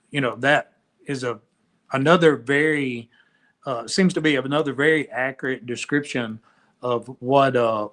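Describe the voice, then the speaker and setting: A man appearing as a guest expert, speaking haltingly with many restarts. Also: mid-range voice, a bit bright. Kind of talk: casual discussion.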